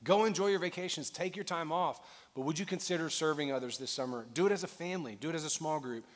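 A man's voice: fairly high pitch, quick pace. A male pastor preaching a sermon, telling a story with earnestness and building to a fervent call to action. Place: large church auditorium. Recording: long reverb in a large hall.

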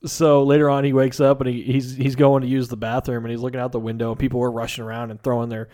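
Man, mid-pitched, casual movie chat, rambling, laughs a lot. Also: level tone, fast talker, mellow. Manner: rambling, laughs often, acts out quotes. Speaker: podcast co-host.

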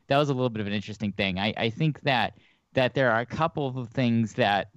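A man on a podcast panel talking in a measured, thoughtful way in casual chat. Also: mid-range voice, a bit bright, dry recording, dull audio.

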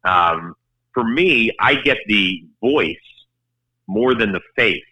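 Guy sports host chatting, low voice with a really sharp forceful edge, wry jokey storytelling. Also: animated, slow, no room sound, low-quality recording. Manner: wry, self-deprecating storyteller. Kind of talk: casual podcast chat.

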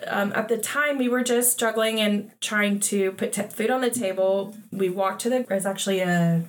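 A woman's voice: medium pitch, moderate pace. A middle-aged woman hosting a podcast, telling a childhood story in a reflective, conversational way. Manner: warm reflective storytelling with frequent laughs. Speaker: podcast host and coach.

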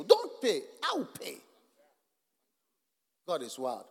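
A man preaches in a high, lively voice that leaps up and down as he acts out the people in his stories. He drops to near-hushed asides and then rises to shouts. His voice rings with the long reverb of a large hall. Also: slow pace, vocal fry, pauses often, husky. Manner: storytelling, acts out the people he quotes. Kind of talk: sermon. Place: church conference hall.

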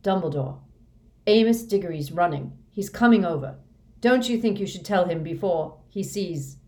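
A woman voicing a flustered middle-aged male official who talks loudly and fretfully, in a storybook reading. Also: lowish voice, lively intonation, fairly quick, distant mic, natural voice. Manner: loud and fretful.

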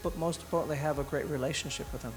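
A man's voice: fairly high pitch, fairly even intonation, rapid-fire, music in the background. A middle-aged man leading a dinner gathering in an informal sermon and prayer, talking in a rambling, emotional way with many restarts. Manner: rambling and conversational, with frequent restarts; emotional, tearing up. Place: dinner event room.

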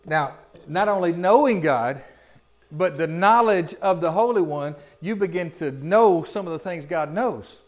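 A man delivers a sermon from the pulpit, his voice sitting fairly high for a man. He preaches in a folksy, conversational way, throwing rhetorical questions at his listeners. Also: animated, measured pace. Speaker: pastor.

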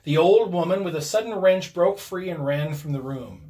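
Expressive man reading a ghost story. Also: high-pitched, normal speed. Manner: suspenseful, expressive delivery. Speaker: narrator.

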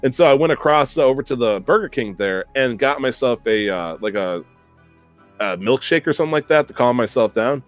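A young man spins a rowdy anecdote for his podcast, swearing freely and poking fun at himself. He talks at an easy middle pitch, and soft music sits faintly underneath. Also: fairly quick, dry recording. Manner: animated, profane, self-mocking storytelling. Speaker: podcast host. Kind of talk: casual storytelling chat.

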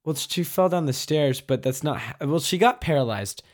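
Young co-host, fast and rambly, middle pitch, casual. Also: animated. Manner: rambling, quick, self-interrupting. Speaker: podcast co-host. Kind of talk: casual chat.

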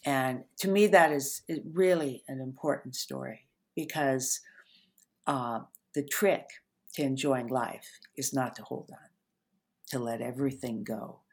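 Very low-voiced older woman, gentle. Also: slightly rough. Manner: gentle, unhurried storyteller with soft trailing endings. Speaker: author and therapist guest. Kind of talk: reflective interview talk.

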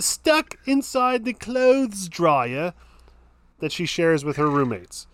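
A man's voice: a little high, very animated, takes it slowly, fairly bright tone, smooth, dry recording. A man co-hosting a podcast, telling a story in casual chat and laughing often. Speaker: podcast co-host.

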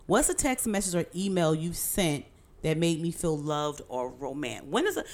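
A woman's voice: low-pitched, animated, normal speed, a little mellow. A middle-aged woman co-hosting a married couple's podcast, chatting in a playful, teasing way. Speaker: podcast co-host. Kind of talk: casual chat.

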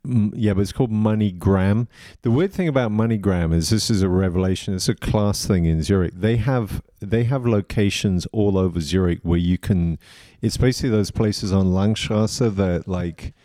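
A man's voice: on the low side, normal speed, few pauses, mellow, dry recording, studio quality. A man co-hosting a comedy podcast, telling a story in a rambling way. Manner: rambling storyteller, lots of fillers and restarts. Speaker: podcast co-host. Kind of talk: casual comedy podcast chat.

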